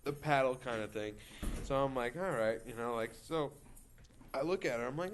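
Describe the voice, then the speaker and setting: A man's voice: medium pitch, animated, normal speed, background noise. A man in his twenties telling a long, crude story in casual chat, rambling with lots of fillers and repeats. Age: 20s. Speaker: podcast storyteller.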